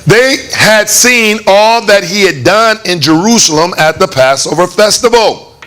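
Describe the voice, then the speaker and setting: Male pastor, sermon, lively storytelling delivery, higher bright voice. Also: measured pace. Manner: animated, conversational, acts out voices with laughs. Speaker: preacher. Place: church hall.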